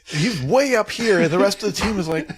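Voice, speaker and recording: A man's voice: high voice, expressive, a little fast, slightly rough. A man co-hosting a comedy podcast, riffing in a rambling way, laughing through his words. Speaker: podcast co-host. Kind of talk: casual comedic chat.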